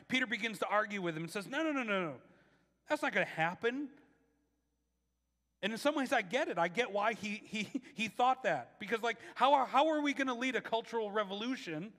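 A man's voice: high voice, sharp tone, big-room sound. A man preaching a sermon in a casual, conversational way, often repeating words as he starts his sentences. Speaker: pastor.

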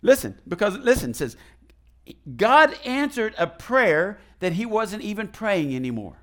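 Male pastor, fairly high voice, folksy and animated sermon delivery, questions tossed to the pews. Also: unhurried. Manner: animated, asks the congregation questions and leads call and response; folksy, retells the story in his own casual words.

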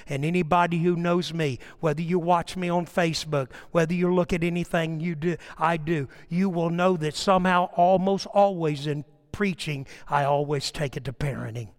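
A man's voice: on the high side, steady tone, normal speed, few pauses. An older man preaching a sermon, telling personal stories and building to impassioned, emphatic appeals. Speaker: pastor.

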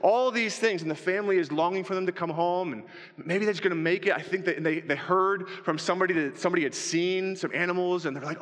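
A man preaching a sermon, animated, acting out scenes from a movie with pleading shouts. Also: sits high, fast talker, big-room sound. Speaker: pastor.

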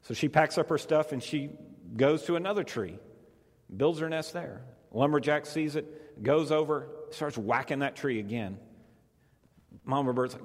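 A man's voice: medium pitch, normal speed. Conversational male pastor in a reverberant hall. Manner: conversational, repeats phrases for emphasis. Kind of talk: sermon.

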